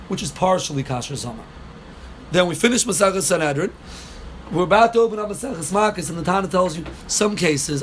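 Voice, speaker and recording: A man's voice: high voice, a little hiss or hum. A man teaching a daily Talmud class, explaining step by step, repeating key phrases and answering students' questions.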